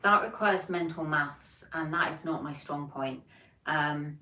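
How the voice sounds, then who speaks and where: A woman's voice: deep voice, measured pace, pushed and bright, echoey room, recorded from a distance, rough recording. A woman in her forties with a Devon English accent, chatting casually on a livestream, reading out viewer comments in a chatty, self-deprecating way. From England. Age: 40s. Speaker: livestream host.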